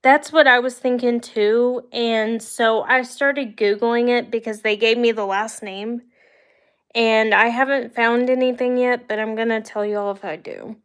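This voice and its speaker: Speaking a little slowly in a smooth, steady tone, a young woman with a slightly high voice hosts a livestream. A young adult from the United States, she tells live viewers rambling personal stories in a chatty, casual manner, sometimes laughing.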